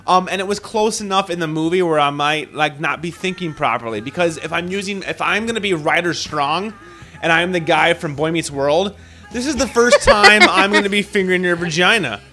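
A man's voice: high-pitched, expressive, brisk, bright, forceful tone, soft background music. A man co-hosting a casual couple podcast, talking in a profane, rambling, joking way. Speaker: podcast co-host.

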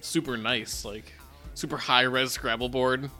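Young man, podcast co-host, relaxed, joking, bright voice, faint music. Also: mid-range voice, slow. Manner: relaxed, joking, many fillers. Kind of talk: casual chat.

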